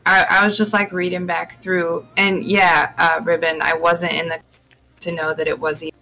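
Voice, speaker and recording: A woman's voice: lowish voice, level tone, moderate pace, sharp tone, a little hiss or hum, rough recording. A young woman chatting casually as a guest on a live stream podcast, rambling with many fillers and restarts.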